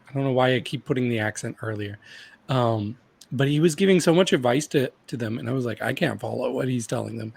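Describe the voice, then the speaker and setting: A man with a husky, mid-pitched voice co-hosts a casual podcast. He tells stories in a relaxed, easygoing manner and laughs often. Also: fast talker. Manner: relaxed storyteller, laughs easily. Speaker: podcast co-host. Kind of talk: casual recap chat.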